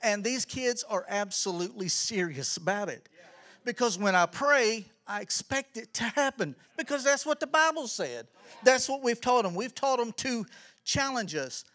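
In an extremely high-pitched voice at a moderate pace, a middle-aged children's ministry pastor delivers a lively church talk in a preacherly style. He builds up to emphatic shouts.

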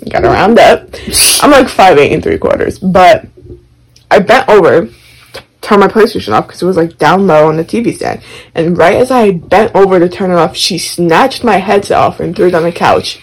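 A young woman with a husky, slightly breathy voice tells a story on a casual podcast. Her pitch swings widely as she talks, lively and expressive. She is animated and profane, laughing as she goes. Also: moderate pace, rough recording. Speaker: podcast co-host.

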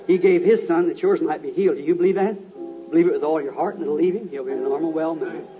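A man's voice: fairly high pitch, quick pace, narrow, tinny audio, soft background music. A man preaching at a healing service, earnestly calling out to people in the congregation. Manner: earnest, calls out to people in the crowd.

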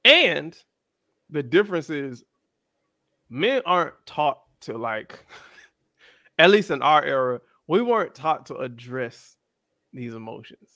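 A man's voice: a little high, takes it slowly, pauses often, dry recording, clean studio sound. A man in his thirties co-hosting a casual chat, talking in slang and acting out what other people say. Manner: animated, slangy, acts out quotes. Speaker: podcast co-host.

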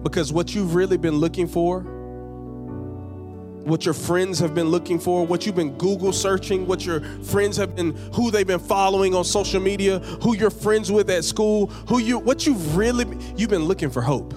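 A pastor preaching in a fairly high voice, repeating key lines and climbing to emphatic peaks before settling back into relaxed, slangy asides. Music plays clearly underneath his sermon. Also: moderate pace. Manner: conversational, uses casual slang.

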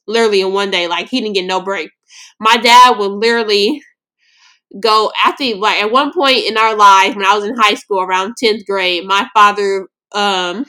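A woman's voice: medium pitch, sharp tone. A young woman from Los Angeles hosting a podcast, telling a personal story in a blunt, slangy, emotional way. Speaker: podcast host.

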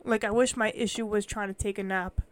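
A young woman co-hosting a casual podcast, telling stories in an animated way and acting out what people said. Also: medium pitch, brisk. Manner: animated storytelling, acts out quotes. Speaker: podcast co-host. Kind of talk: casual chat.

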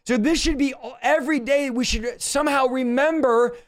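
A man with a strikingly high-pitched voice preaches on a livestream from his home office. He teaches scripture with urgency and emphasis. He drives his points hard and keeps breaking into quick asides. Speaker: pastor.

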